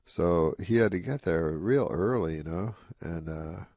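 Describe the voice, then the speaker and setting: Deep gravelly man telling stories. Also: measured pace, no echo, studio quality. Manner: rambling, deadpan, lots of "you know". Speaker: comedian guest. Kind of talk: casual anecdote-telling. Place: radio studio.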